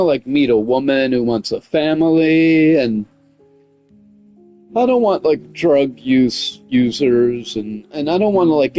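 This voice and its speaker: A man chatting casually on a gaming livestream, rambling with lots of "like" and "you know what I mean", and getting heated as he tells a story. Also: mid-range voice. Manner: gets heated and loud when retelling conflicts.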